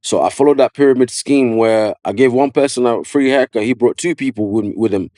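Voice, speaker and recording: A man with a London accent, a barber telling his story in a casual podcast interview, slangy and animated, full of "yeah" and "you know what I mean". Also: mid-range voice, a little fast, dry recording, clean studio sound. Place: podcast studio.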